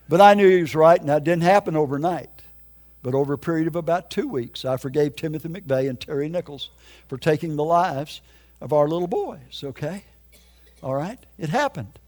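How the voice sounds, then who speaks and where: A man's voice: sits high, moderate pace. An older man preaching his testimony in an emphatic, folksy storytelling way. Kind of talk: sermon testimony.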